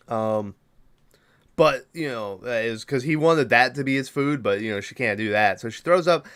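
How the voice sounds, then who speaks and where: With a mid-range, fairly bright voice, this man hosts a podcast and goes over a movie's plot casually. He rambles, curses, loses his thread and backtracks over what he forgot.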